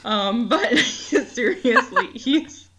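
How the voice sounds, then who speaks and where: Young woman co-host, bright voice, giggly and rambling, casual chat. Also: fairly high pitch, big pitch swings, very slow, breathy edge. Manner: giggly, rambling, laughs often. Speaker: podcast co-host.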